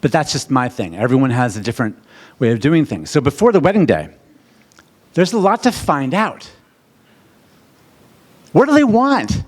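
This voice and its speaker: A middle-aged American man speaks as a wedding officiant presenting at a seminar. His delivery is theatrical and animated. He often rises sharply in pitch and volume when he poses questions to the room. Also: a little fast. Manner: animated and theatrical, swings to loud high questions. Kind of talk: presentation to a live seminar audience.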